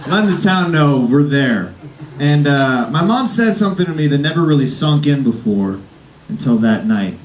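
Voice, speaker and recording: Male stand-up comic, rambling and hesitant, slightly high voice, roomy club sound from a distance. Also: expressive, moderate pace, background noise. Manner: hesitant, filler-heavy delivery with self-aware jokes. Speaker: stand-up comedian warming up the crowd. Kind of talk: live stand-up set. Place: comedy club stage before a live audience.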